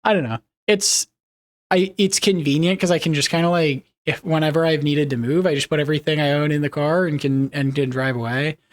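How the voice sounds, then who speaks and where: Young male streamer, light higher voice, rambly, reads chat aloud, laughs easily. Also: steady tone, a little fast. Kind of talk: casual live-stream chat.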